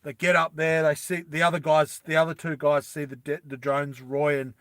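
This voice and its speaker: A man casually retelling an adventure story in a rambling, animated way with many fillers. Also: a little high, normal speed, no echo, clean studio sound.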